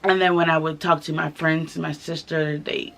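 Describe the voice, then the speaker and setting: Gravelly young woman, candid and halting. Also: low voice, level tone, a bit bright. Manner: candid, halting, many fillers. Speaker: vlogger. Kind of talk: casual storytime vlog. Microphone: camera mic, filming herself.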